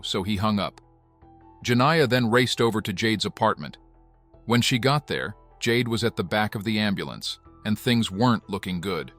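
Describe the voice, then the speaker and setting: A man giving scripted documentary narration in an even, measured way. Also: fairly low pitch.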